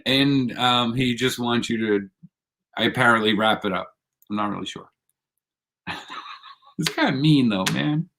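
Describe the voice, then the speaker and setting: A man's voice: mid-range voice, unhurried, pauses often, fairly bright tone. A man hosting a casual live stream, laid-back and rambling, laughing often as he chats with viewers. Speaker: livestream host.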